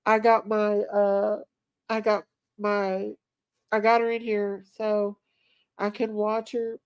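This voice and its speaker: A middle-aged woman hosts a casual live stream, speaking to her viewers in an emotional, affectionate way. Her voice is fairly high-pitched with a darkish tone, and the recording is dry.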